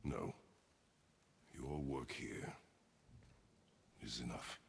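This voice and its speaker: An actor playing a grim, stoic middle-aged warrior father who speaks tersely, with an extremely deep, gravelly, husky voice. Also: full character voice. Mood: stern. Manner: terse, slow, clipped. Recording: game audio with long reverb.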